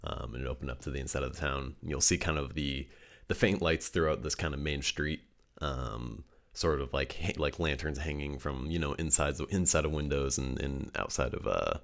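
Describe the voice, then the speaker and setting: A man's voice: extremely low pitch, a little fast, creaky, a bit bright. A man narrating as game master, rambling with many fillers and restarts. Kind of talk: improvised tabletop narration.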